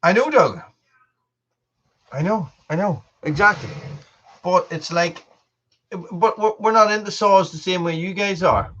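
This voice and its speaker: A man's voice: high-pitched, animated, measured pace, pauses often, a bit bright, lo-fi sound. A man hosting a casual live stream, rambling with many restarts and chatting to viewers and his dog. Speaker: livestream host.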